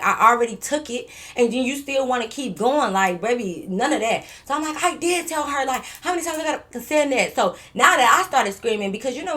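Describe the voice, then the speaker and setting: A woman vlogger telling a story in a casual, animated, profane way, repeating herself and stuttering a little. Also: medium pitch.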